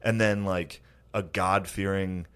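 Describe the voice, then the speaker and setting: A man's voice: low-pitched, steady tone, takes it slowly, fairly bright tone, smooth. A man hosting a casual comedy podcast, rambling with lots of "like" and "dude". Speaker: podcast host.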